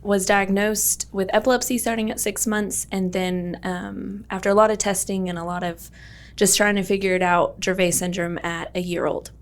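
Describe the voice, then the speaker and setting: A woman's voice: mid-range voice, level tone, normal speed. A young woman, a podcast guest, telling a personal story in a chatty way with lots of fillers and quoted dialogue.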